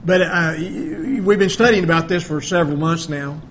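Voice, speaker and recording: A man's voice: a little high, moderate pace, slight background noise. A male preacher giving a conversational Bible-teaching sermon in a folksy way, often acting out quoted voices.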